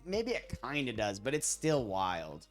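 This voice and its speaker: Animated, slangy man co-hosting a stream. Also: unhurried, faint music behind. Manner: animated, slangy, mimics people in high voices. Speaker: stream co-host. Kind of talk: casual stream chat reacting to videos.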